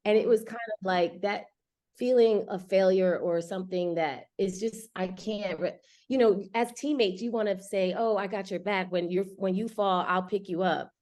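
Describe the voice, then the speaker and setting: A woman's voice: medium pitch, normal speed, darkish tone. A woman, a restaurant owner speaking candidly and from the heart as an interview guest. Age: 40s. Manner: candid and heartfelt, with casual slang. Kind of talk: conversational interview.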